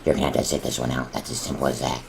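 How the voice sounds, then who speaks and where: Brief: man putting on a rumbling, ultra-deep gravelly grouch, snappish and easily riled, comedy banter. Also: little pitch movement, rapid-fire, darkish tone, slight background noise, heavily acted. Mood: irritated. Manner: grumbling, blustering, snappish. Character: hot-tempered gruff man, easily riled.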